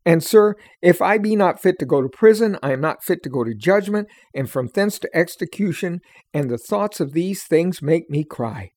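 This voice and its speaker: A man's voice: fairly high pitch, expressive, normal speed, few pauses, darkish tone, dry recording, clean studio sound. A man reading aloud, voicing an anguished male pilgrim who pleads in old-fashioned speech. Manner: earnest, pleading, archaic speech.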